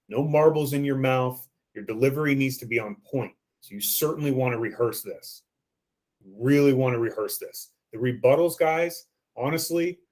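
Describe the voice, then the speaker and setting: A man giving a training lesson on phone sales scripts, coaching listeners and acting out the script lines. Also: mid-range voice.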